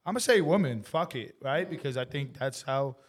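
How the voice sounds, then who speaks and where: A man's voice: medium pitch, lively intonation, normal speed, a crowd in the background. A man co-hosting a podcast, talking bluntly and emphatically and swearing freely in casual chat. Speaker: podcast co-host.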